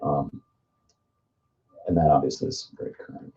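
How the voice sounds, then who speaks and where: A man's voice: a bass voice, flat delivery, moderate pace, mellow. A man speaking as a theatre director at a seminar, explaining thoughtfully with frequent fillers. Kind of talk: seminar discussion. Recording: muffled live recording.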